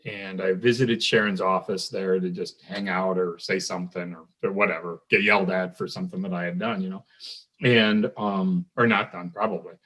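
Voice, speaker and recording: A man's voice: deep voice, fairly even intonation, normal speed, fairly bright tone. Guest: man in his fifties, chatty reminiscing storyteller, loose and rambling. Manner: rambling storyteller, many ums and restarts. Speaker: alumni guest. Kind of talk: casual reminiscing.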